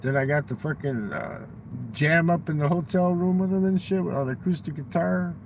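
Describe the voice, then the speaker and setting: A gravelly older man rambles through boastful, profane anecdotes, his voice sitting a little high for a man. Faint room ambience and passing traffic murmur behind him. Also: moderate pace, darkish tone, rough recording. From United States. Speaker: livestream guest telling stories. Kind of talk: rambling storytelling. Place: fast-food restaurant.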